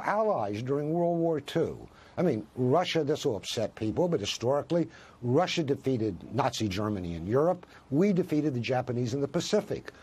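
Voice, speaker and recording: A man's voice: mid-range voice, darkish tone, slightly rough. A man, a professor, speaking as a guest in a news interview, arguing with passion and rhetorical questions. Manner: impassioned, argues with rhetorical questions.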